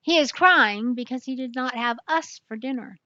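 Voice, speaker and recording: A woman's voice: sits high, moderate pace, bright, forceful tone, dry recording, lo-fi sound. Big Max, a woman reading as a sure detective. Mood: confident. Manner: confident, explaining. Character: boastful clever elephant detective, male.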